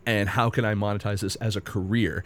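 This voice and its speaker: A man's voice: fairly low pitch, level tone, brisk, fairly bright tone. A man talking as a podcast guest about indie film, rambling and personable with many restarts. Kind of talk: casual podcast chat.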